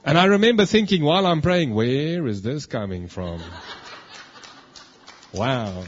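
A man, preaching a sermon and telling his own testimony, moving between hushed asides and emphatic declarations. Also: mid-range voice, animated, measured pace, lo-fi sound. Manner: storytelling, swings from hushed to emphatic.

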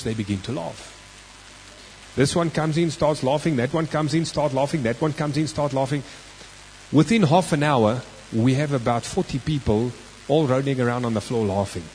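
A man's voice: mid-range voice, darkish tone, slight background noise, poor audio. South African man preaching a story sermon.

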